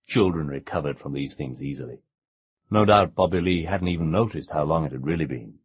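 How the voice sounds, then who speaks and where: A man narrating an audiobook with measured, expressive storytelling. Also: very deep voice, husky. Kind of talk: scripted narration. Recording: dull lo-fi cassette recording.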